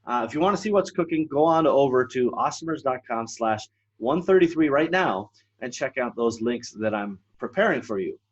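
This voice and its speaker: A man's voice: mid-range voice, animated, normal speed, breathy edge, highs cut off. A man hosting his podcast alone, talking casually with lots of fillers and restarts. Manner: rambling, many fillers and restarts. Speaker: podcast host. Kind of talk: casual solo podcast monologue.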